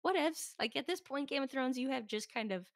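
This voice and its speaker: A woman co-hosts a podcast in casual chat, talking freely and a little fast while acting out quotes in exaggerated voices. Her voice sits high, recorded through a podcast microphone with clean studio sound and no echo.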